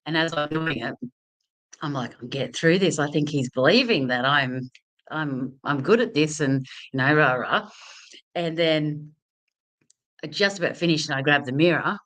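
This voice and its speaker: A woman's voice: low-pitched, moderate pace, fairly bright tone. A woman hosting a casual live talk, telling a personal story with many fillers, restarts and laughs. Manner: chatty, lots of fillers and restarts, laughs often. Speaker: host of a confidence talk.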